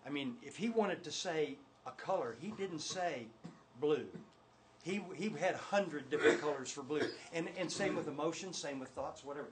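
A man's voice: on the high side, moderate pace, heavy background noise. Enthusiastic older man teaching a Bible class. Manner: enthusiastic, emphatic, talks with restarts. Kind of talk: church class lesson with slides.

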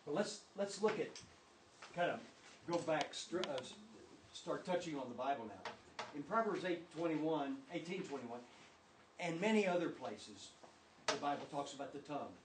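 Older guy teaching bible class, keen and emphatic, voice sits a bit high, faint hiss behind. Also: animated, normal speed. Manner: enthusiastic, emphatic, talks with restarts. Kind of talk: church class lesson with slides.

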